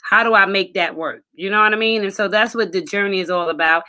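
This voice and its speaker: Bright, forceful woman hosting a livestream. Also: medium pitch, fast. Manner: chatty, encouraging, addresses viewers as honey. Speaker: livestream host. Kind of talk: motivational live-stream talk. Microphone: phone or webcam livestream.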